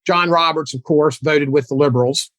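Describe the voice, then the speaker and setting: A man in his sixties, a guest on a political talk show, animated and mocking as he talks. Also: normal speed, dry recording. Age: 60s. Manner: animated, mocking, mimics opponents in high voices.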